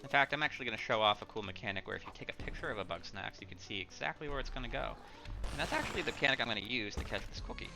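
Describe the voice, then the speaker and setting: A laid-back young man narrating his speedrun, joking with his viewers as he plays. His voice carries a gravelly rasp at a middling pitch, and game music runs behind him. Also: animated, rapid-fire. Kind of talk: casual gameplay commentary.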